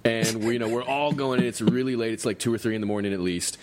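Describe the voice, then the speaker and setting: A man's voice: mid-range voice, steady tone, fast, crowd noise. A man hosting a podcast, telling a rowdy party story in casual, profane chat, often laughing. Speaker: podcast host.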